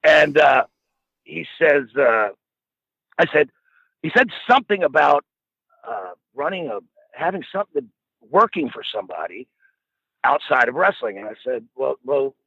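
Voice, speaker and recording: Middle-aged guy rambling through a profane story, husky and bright, dull dry lo-fi sound. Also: mid-range voice, very animated, a little slow, pauses often, dry recording. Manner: profane, rambling, laughs while telling. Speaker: storyteller guest. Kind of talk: casual anecdote telling.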